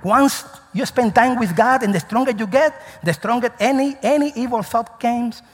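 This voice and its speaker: Husky high-voiced preacher in a reverberant hall. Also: male voice, moderate pace. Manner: call-and-response questions to the congregation. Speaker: pastor. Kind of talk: sermon.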